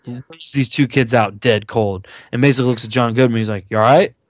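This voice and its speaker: A man's voice: mid-range voice, a little fast, no echo. Rambling, swearing man on a podcast. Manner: rambling, filler-heavy, swears freely, acts out movie lines. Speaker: podcast co-host. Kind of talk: casual movie recap chat.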